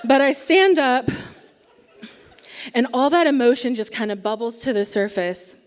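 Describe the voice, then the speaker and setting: A young woman with a slightly high voice spins a wry, self-mocking story from a theatre stage. She takes her time, leaning on deliberate pauses for comic effect. Her voice carries a long reverb off the big hall around her. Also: lively intonation. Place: theatre stage before a live audience.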